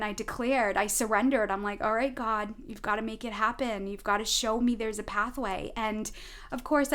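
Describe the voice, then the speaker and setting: A middle-aged woman, a spiritual advisor, talking earnestly to viewers in a casual storytelling way, often checking in with "right?". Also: on the high side. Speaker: spiritual advisor giving a tarot reading.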